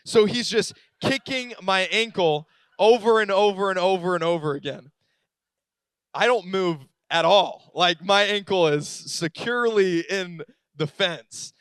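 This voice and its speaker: A man's voice: high voice, measured pace, fairly bright tone, clear, resonant tone, no echo. A young adult man, a pastor, telling a personal story in a casual, filler-heavy sermon. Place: church auditorium.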